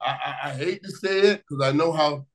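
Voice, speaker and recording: A man from Miami telling stories in casual conversation as a guest, lively and quick to repeat words. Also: a little high, poor audio. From Miami, USA. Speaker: guest, former pro football receiver. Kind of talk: animated storytelling in casual conversation.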